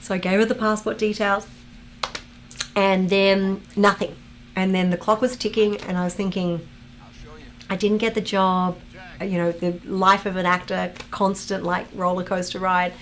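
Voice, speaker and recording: A woman hosting a fan watch-along, chatting casually, reading viewer comments aloud and telling animated anecdotes. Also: mid-range voice, moderate pace. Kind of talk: casual livestream chat and storytelling.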